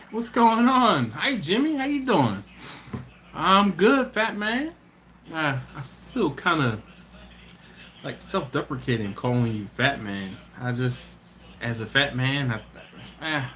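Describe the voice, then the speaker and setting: A man's voice: on the high side, big pitch swings, slow pace, pushed and bright, a little hiss or hum. A man hosting a casual live stream, reading out viewer comments in a laid-back, chatty way, often laughing and trailing off mid-sentence.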